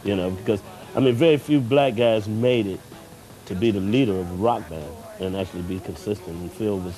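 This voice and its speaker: A man's voice: on the low side, fairly quick, dark tone, faint music behind, low-quality recording. A man interviewed for a documentary, recalling a friend with admiration.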